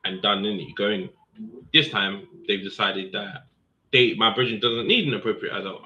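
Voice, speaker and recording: A man, a serving police officer, casually telling a story and acting out the other people's lines with a lifted voice. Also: brisk. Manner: animated, acts out quotes with raised pitch. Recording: dull lo-fi sound.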